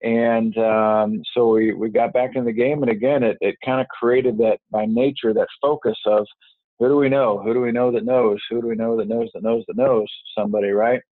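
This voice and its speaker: A man's voice: medium pitch, fairly even intonation, moderate pace. Man, interview guest, rambling casual talk, phone-line sound, no room echo. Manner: rambling, many fillers and restarts. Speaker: interview guest, business networker. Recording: tinny dry phone line.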